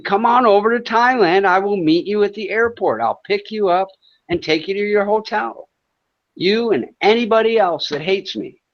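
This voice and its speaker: High-voiced man sneering at trolls. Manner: profane, taunting and sarcastic. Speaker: livestream host. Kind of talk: heated livestream rant at chat trolls. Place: home in Thailand. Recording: dull lo-fi stream audio.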